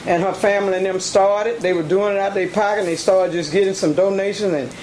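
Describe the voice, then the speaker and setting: A high-pitched man hosts an outdoor talk show, talking fast and loose to guests and viewers. He is out of breath and keeps the chatter lively. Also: a little hiss or hum. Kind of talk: casual on-location interview.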